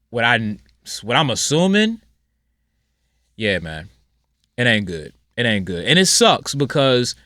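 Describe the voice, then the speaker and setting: A man hosting a casual solo podcast, talking bluntly and rambling, with his voice swinging from loud outbursts to low mutters. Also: smooth, no echo, clean studio sound. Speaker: podcast host.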